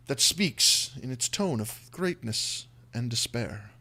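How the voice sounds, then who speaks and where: A man's voice: medium pitch, lively intonation, slow, bright, forceful tone. A man running a tabletop role-playing game as dungeon master, narrating scenes in vivid detail with frequent "uh" and "um" fillers.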